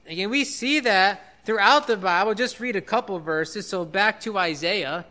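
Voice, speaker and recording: A man's voice: sits high, normal speed, pushed and bright. A man preaching a sermon in an earnest way, repeating key phrases for emphasis.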